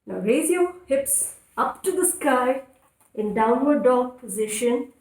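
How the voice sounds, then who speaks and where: A woman leading a children's yoga class in a playful, encouraging way, giving clear step-by-step instructions. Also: sits high, expressive, slow, darkish tone. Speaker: kids' yoga teacher. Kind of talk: guided kids' yoga instruction. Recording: echoey room, voice from a distance.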